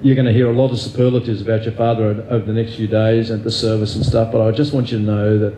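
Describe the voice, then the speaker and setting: A man's voice: on the low side, flat delivery, fast talker, echoey room, noisy background. An Australian man speaking as an interview guest, candid and self-deprecating, thinking aloud with fillers and restarts. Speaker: guest neurosurgeon.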